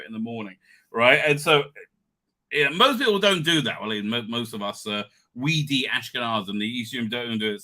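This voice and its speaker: Pushed and bright at a medium pitch, a male livestream host chats his way tiredly through the stream. He digresses constantly, restarts often, and peppers his talk with "right?"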